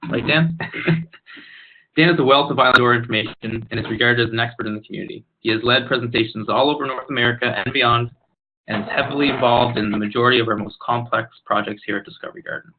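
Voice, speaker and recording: Fast-talking man hosting a webinar. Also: mid-range voice, noisy background. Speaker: webinar host. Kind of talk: scripted company introduction. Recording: tinny phone-like webinar audio.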